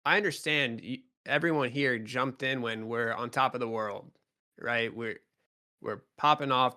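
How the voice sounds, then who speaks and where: A man's voice: mid-range voice, bright, forceful tone. A man answering fans in a live Q&A as a club co-owner, talking frankly and casually with lots of fillers.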